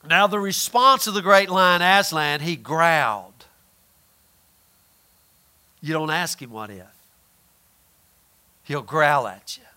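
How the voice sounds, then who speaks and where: A man's voice: on the high side, lively intonation, slow, pauses often, sharp tone, clear, resonant tone. A man preaching a conversational sermon, often repeating words and asking his listeners questions.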